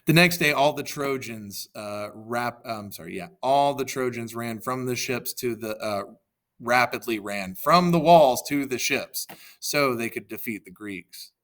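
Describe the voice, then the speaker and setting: A man's voice: mid-range voice, a little slow, fairly bright tone. A man reading a story aloud in a casual way, with stumbles, self-corrections and joking asides. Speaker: reader.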